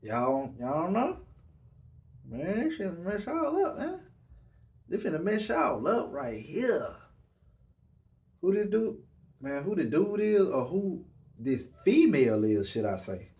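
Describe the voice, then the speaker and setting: A man's voice: on the high side, huge pitch swings, slow pace, pauses often, mellow. Male podcast host, easygoing rambling delivery, echoey room. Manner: laid-back, repeats "man" at line ends. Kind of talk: casual monologue.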